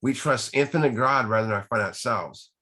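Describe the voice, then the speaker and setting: A man's voice: mid-range voice, fairly quick, pushed and bright. A man leading a recovery group study, teaching earnestly from the text with rhetorical questions and repeated key words.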